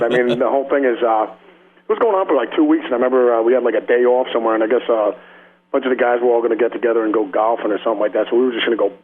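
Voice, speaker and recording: Rambling, laughing man on a slightly dull radio line. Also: medium pitch. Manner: rambling and slangy, laughs often, acts out the people in his stories. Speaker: rock guitarist guest. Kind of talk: casual radio interview storytelling.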